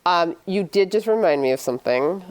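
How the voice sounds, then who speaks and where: Middle-aged woman host, low-pitched; relaxed, low-key anecdote teller. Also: fairly quick, smooth. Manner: low-key, frequent murmured backchannels, relaxed storytelling. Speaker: podcast host. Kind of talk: casual chat and anecdote.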